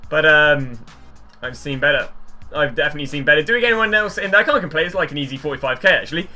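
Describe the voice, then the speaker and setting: A young man chatting casually through pack openings, rambling and getting excitable at big pulls. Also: fairly high pitch, quick pace, soft background music. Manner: excitable, chatty, rambling, gets loud at walkouts. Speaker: gaming YouTuber.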